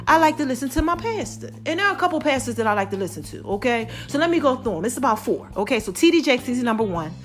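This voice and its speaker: A woman from the hosting a casual solo podcast, chatty and lively, talking straight to her listeners. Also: a little high. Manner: chatty, lively, addresses listeners directly with "child" and "y'all". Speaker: podcast host.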